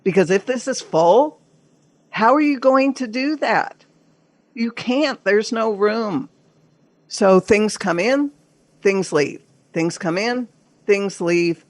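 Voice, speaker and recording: A woman's voice: on the low side, no echo. An older woman, a therapist and coach, speaking as a podcast guest in an earnest, emphatic coaching tone, sometimes acting out inner voices. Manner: acts out inner voices in quotes. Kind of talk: podcast interview.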